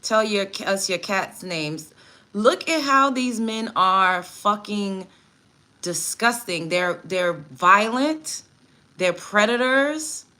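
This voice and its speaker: A woman's voice: medium pitch, animated, slow, sharp tone. A woman hosting a livestream, reading chat comments aloud and answering them in a blunt, profane, indignant rant while doing her makeup at home. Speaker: livestream host.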